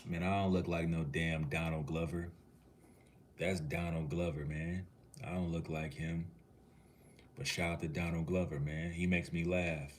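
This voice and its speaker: A man's voice: low-pitched, little pitch movement, measured pace, a little hiss or hum. A man from Minneapolis, Minnesota, chatting casually on a livestream and answering viewers' comments in a laid-back, easygoing way. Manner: laid-back, easygoing, talks to the chat like a cool uncle.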